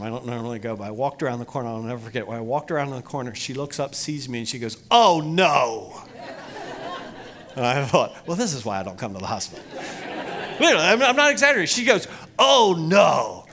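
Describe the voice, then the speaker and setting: A middle-aged man preaching a sermon to his congregation, emphatic, rising loud for emphasis and then dropping low. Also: slight background noise. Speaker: pastor.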